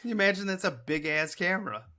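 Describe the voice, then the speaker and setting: A man's voice: high-pitched, lively intonation, fast, sharp tone. A man co-hosting a casual movie review podcast, loose and profane, often rambling. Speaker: podcast co-host.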